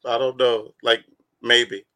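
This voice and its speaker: A man's voice: mid-range voice, takes it slowly. A man hosting a podcast in casual chat, laughing easily and passing questions to his co-hosts. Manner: bright, laughing, lively. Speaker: podcast host.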